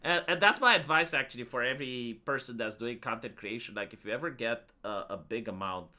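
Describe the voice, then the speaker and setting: A woman's voice: extremely low pitch, a little fast, sharp tone. A woman hosting a live stream, chatting casually and rambling with lots of fillers and jokes. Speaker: streamer host.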